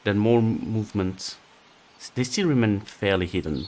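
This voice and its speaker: Low-voiced male game master. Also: normal speed. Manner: relaxed, hesitant with fillers. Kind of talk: narrating a tabletop game over a call.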